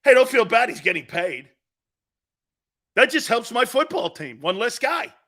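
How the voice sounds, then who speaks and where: A man's voice: very high-pitched, sing-song, measured pace, bright, forceful tone. A man hosting a sports talk show, ranting bluntly and combatively, mocking other people's views with imitations. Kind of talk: opinionated sports radio rant.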